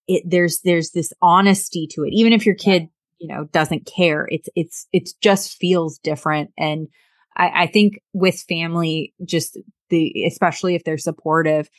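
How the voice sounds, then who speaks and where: A woman's voice: lowish voice, fairly even intonation, normal speed, dry recording, studio quality. A middle-aged woman talking earnestly in a casual conversation, often repeating words and acting out lines from family life. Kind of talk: casual conversation about sobriety.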